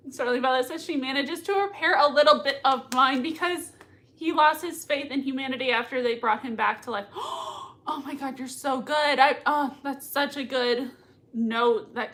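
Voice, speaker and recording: Woman, high voice, excitable, giggly, casual livestream reaction chat, reading viewer comments. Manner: gushing and excitable, frequent laughter. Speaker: livestream host reacting to a TV episode.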